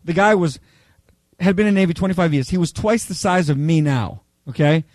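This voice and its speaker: A man preaching a Bible study, telling humorous personal stories in a chatty, animated way, often checking in with "okay?". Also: on the high side, brisk, no echo. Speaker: pastor teaching a Bible study.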